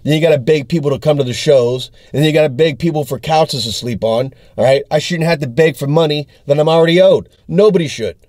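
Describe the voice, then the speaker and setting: A man's voice: fairly high pitch, quick pace, hardly any pauses, a little mellow, no room sound, clean studio sound. Ranting, profane male comedian. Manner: angry, profane storytelling that acts out text exchanges. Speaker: touring comedian. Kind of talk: ranting video diary.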